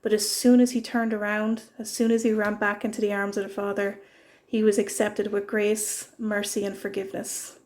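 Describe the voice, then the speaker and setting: A woman giving a short devotional church message, retelling a parable in an earnest, gentle way. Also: mid-range voice, flat delivery, moderate pace. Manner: earnest storytelling. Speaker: church speaker.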